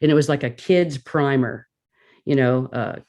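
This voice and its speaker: Animated woman telling a story. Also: extremely low pitch, normal speed. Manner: animated, acts out her own reactions. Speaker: guest. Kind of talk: casual storytelling.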